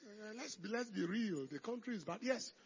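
A man preaching a sermon with emphasis, repeating phrases and swinging from hushed lines to shouted declarations. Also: high-pitched, animated, normal speed, husky, lo-fi sound, soft background music. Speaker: pastor.

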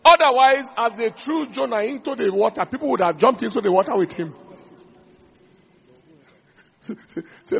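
Preacher, man, high gravelly voice, husky, on a dull lo-fi recording. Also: moderate pace, long pauses, a bit bright. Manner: preaching, engaging the congregation. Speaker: pastor. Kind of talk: sermon.

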